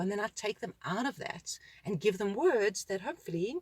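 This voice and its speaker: A woman with a South African accent, a school principal, talking in a relaxed discussion and acting out what children and parents say. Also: medium pitch, brisk, husky, no echo. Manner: animated, acts out children's and parents' voices. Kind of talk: conversational discussion.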